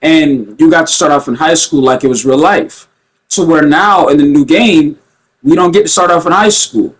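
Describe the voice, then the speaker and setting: A man's voice: fairly high pitch, moderate pace, husky, rough recording. Young man ranting about a video game. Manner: animated and rambling, with many fillers. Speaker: gaming vlogger. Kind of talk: casual video-game rant.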